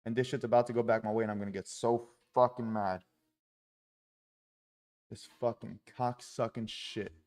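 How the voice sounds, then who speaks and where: A man's voice: fairly low pitch, fairly even intonation, fast talker, hardly any pauses, a little mellow. A man live-streaming his day trading, talking through his trades with heavy swearing and frustrated outbursts.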